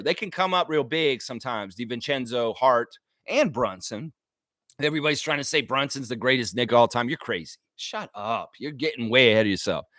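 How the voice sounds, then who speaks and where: A man's voice: medium pitch, no room sound, clean studio sound. A man hosting a basketball fan livestream, talking in a loose, ranting commentary style with mocking asides. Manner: animated, ranting, mock-voices in asides.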